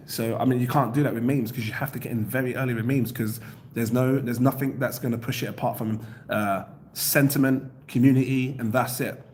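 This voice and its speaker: A man's voice: brisk, slight background noise. Laughing, chatty man on a crypto livestream. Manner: laughs often, reads out chat comments; animated, jumps up in pitch when excited. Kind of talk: casual livestream chat.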